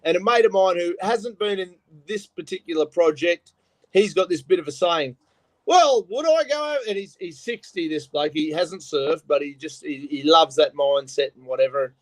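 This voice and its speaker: A man with an Australian accent, rough around the edges, telling stories in casual chat and swearing often. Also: fairly high pitch, fairly even intonation, normal speed, no echo. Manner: rough, profane, storytelling.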